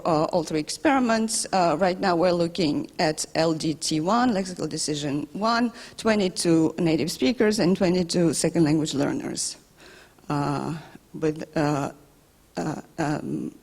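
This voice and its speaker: A woman's voice: on the low side, a little mellow. A woman researcher giving an academic conference talk, hesitant and full of filler sounds and restarts. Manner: self-deprecating asides. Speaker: linguistics researcher presenting a study. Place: lecture hall. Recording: long hall reverb.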